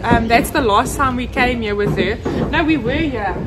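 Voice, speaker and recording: A woman's voice: fairly high pitch, normal speed, over a noisy crowd. A woman chatting casually on a family outing, cheerful and sweet toward her baby. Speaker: mother in a family vlog. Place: outdoors at a restaurant and animal park.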